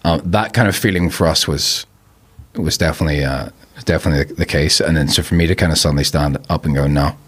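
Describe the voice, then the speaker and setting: A man's voice: a bass voice, fast talker, a bit bright, breathy edge. A man talking as a podcast guest in casual conversation, reflective and rambling, laughing easily.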